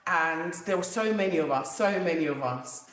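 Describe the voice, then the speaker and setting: A woman, hosting a casual live stream, animated and emphatic, repeating herself and talking straight to viewers. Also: fairly low pitch, normal speed. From England. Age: 50s. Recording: very echoey room.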